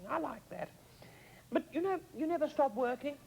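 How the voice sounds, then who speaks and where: A man's voice: extremely high pitch, expressive, normal speed, gravelly, a little mellow, slight background noise, rough recording. A man playing a vain, theatrical older woman hosting a talk show. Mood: arch. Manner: arch, theatrical, mock-grand. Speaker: host. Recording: studio audience behind.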